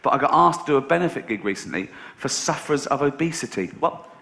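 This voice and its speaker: A man performing a stand-up comedy routine to a live audience, with a sarcastic, deadpan delivery broken by loud outbursts. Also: medium pitch, fast talker, vocal fry. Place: large venue with audience. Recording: echoey live venue, audience noise. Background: audience laughter.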